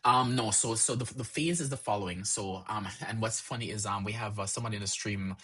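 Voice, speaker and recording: A man's voice: fairly low pitch, brisk, bright, forceful tone, a little hiss or hum. A man hosting a live-streamed lesson, explaining with examples and answering chat questions in a rambling way, often repeating "actually" and "so".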